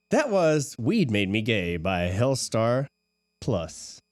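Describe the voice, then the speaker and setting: A man's voice: lowish voice, very animated, extremely slow, gravelly, no echo. A man hosting a late-night radio show, rambling casually, swearing often and laughing between thoughts. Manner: profane, giggly, rambling.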